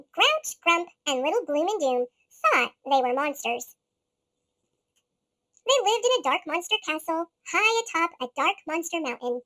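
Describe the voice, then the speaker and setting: A storybook reader altered by a sped-up chipmunk pitch shift, reading a children's picture book slowly and expressively and shouting the characters' lines.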